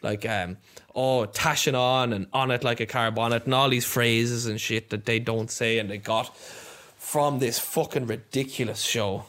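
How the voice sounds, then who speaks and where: A man's voice: mid-range voice, fairly even intonation, a little slow, few pauses, fairly bright tone. A man on a podcast, talking bluntly in casual chat, ranting and swearing freely.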